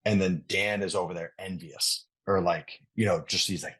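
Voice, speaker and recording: A man's voice: deep voice, a little fast, slightly rough. A man, a former athlete casually telling a story in an interview, rambling and swearing freely. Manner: rambling, relaxed, casual swearing, many restarts. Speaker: interview guest, retired athlete.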